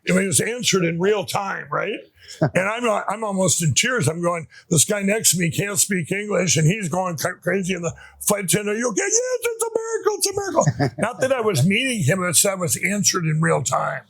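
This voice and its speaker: A man from Minnesota, a podcast guest, telling his personal faith testimony in a rambling, halting way, full of restarts and fillers. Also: sits high, vocal fry, a bit bright, husky.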